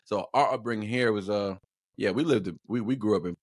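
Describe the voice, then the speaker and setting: A man's voice: on the low side, brisk, no echo, clean studio sound. A man, a guest telling stories in a loose, rambling way, often repeating words as he talks. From Long Island, New York. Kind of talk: casual conversation.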